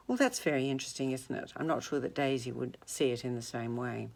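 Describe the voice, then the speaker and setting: A woman with a low voice reads passages aloud and steps out to explain them. Her asides are conversational and explanatory, in the manner of a literature teacher. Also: brisk, vocal fry, hardly any pauses, darkish tone. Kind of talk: reading and commenting on a novel.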